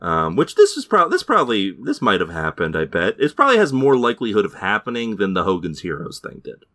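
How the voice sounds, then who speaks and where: Deep-voiced man recapping a show. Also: wildly swooping pitch, fairly quick, pushed and bright, no room sound, clean studio sound. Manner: rambling recap, slips into mocking voices for characters. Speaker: podcast host. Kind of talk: casual chat recapping a TV show.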